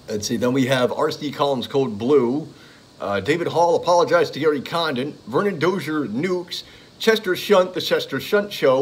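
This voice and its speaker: A man casually reading off a list of comedy tracks, stalling often with "uh" and "let's see" as he goes. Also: mid-range voice. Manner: hesitant, many "uh" and "let's see". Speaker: comedy show fan.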